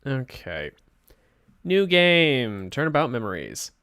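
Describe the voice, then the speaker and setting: A man's voice: mid-range voice, slow pace, clean tone, dry recording, clean studio sound. A man streaming a game, chatting casually and reading the dialogue aloud in playful, goofy voices. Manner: animated, goofy, switches voices.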